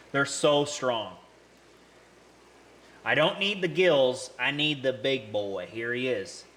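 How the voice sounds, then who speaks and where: An excitable man vlogging beside a large fish tank, his fairly high voice swinging up and down as he exclaims and repeats himself. His voice rings in an echoey indoor room. A faint hiss of noise sits under the recording. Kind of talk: excited hands-on vlog commentary. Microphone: camera mic, handheld.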